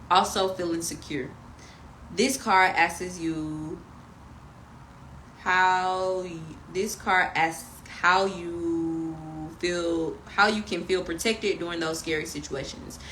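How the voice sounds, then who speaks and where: A woman talks through a tarot spread like a spiritual pep talk. Her voice is bright and cutting, and her delivery is emphatic and preachy, mixed with slangy asides. Faint noise sits behind her. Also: fairly low pitch, poor audio. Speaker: tarot reader and spiritual guide.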